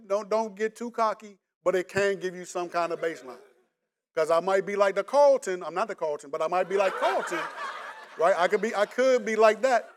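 A middle-aged man from the Washington DC area with a local accent, preaching a casual, joking sermon straight to the congregation. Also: high voice. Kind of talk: conversational sermon.

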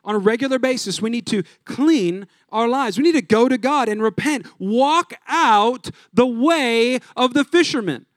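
A man in his thirties, a pastor, preaching a sermon in a casual, energetic way full of rhetorical questions. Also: very high voice, moderate pace, few pauses, no room sound, clean studio sound.

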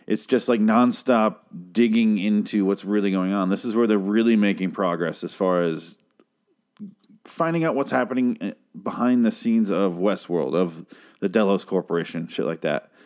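A podcast host reviewing a TV series talks in a casual, rambling way, full of swearing and filler words. His voice is fairly low and a little mellow, moving at a moderate pace.

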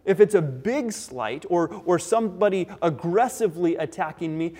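A man preaching a sermon, earnest, slowing down and speeding up and getting louder or softer for emphasis. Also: sits high, lively intonation. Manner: earnest, varies pace and loudness for emphasis. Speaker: pastor.

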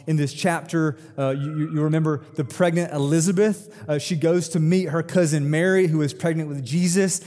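A man's voice: fairly high pitch, mellow. A male pastor giving a conversational sermon, telling personal stories and growing emphatic when quoting. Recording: long hall reverb.

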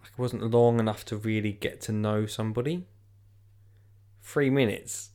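A man's voice: on the low side, steady tone, normal speed, a little mellow. A man hosting a podcast in rambling, jokey casual chat. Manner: rambling, jokey, lots of fillers. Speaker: podcast host.

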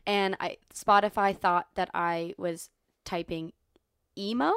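A woman's voice: mid-range voice, fairly even intonation, slow, fairly bright tone, clear, resonant tone, no room sound, studio quality. A woman co-hosting a podcast in casual chat, a yoga instructor who giggles and over-explains her stories.

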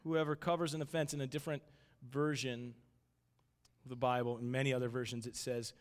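A man's voice: mid-range voice, fairly even intonation, fairly quick, clean tone. A man in his thirties preaching a casual sermon, chatty and full of restarts, telling family stories. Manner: conversational, restarts often, acts out voices in anecdotes. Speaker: pastor. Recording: long hall reverb.

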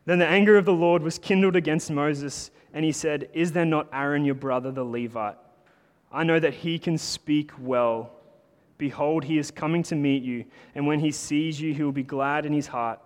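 A man preaching a sermon in a casual, animated way, talking to the congregation like friends. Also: fairly high pitch, normal speed. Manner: conversational, animated preaching with lots of "like". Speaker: pastor. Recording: long hall reverb.

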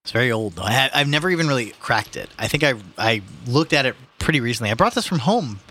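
A man chatting casually with friends and reading a novel aloud, animated and jokey. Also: medium pitch, quick pace. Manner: animated, jokey, breaks into laughter. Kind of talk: casual chat and book reading.

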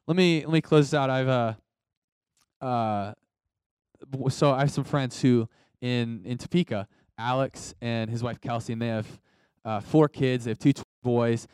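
A man's voice: medium pitch, fairly even intonation, a little slow, darkish tone, clean tone, no room sound. A young man preaching a sermon in a conversational, emphatic way, calling out to the congregation for responses. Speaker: pastor.

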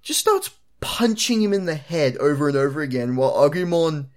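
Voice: mid-range voice, expressive, brisk. A podcast host recapping an episode in casual chat, acting out characters' lines with laughs and swearing.

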